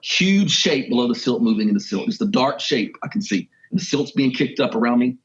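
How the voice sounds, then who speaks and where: A man, a wildlife photographer and journalist, telling a story as a podcast guest in a lively, animated way. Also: a little fast, muffled recording. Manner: animated, with sudden jumps in pitch and pace. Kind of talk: casual storytelling.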